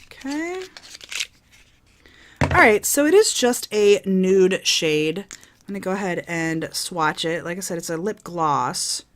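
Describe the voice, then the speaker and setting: Croaky-voiced woman with a cold. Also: on the low side, lively intonation, slow. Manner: chatty, rambling with fillers. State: hoarse from a cold. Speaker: beauty vlogger. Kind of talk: casual unboxing vlog.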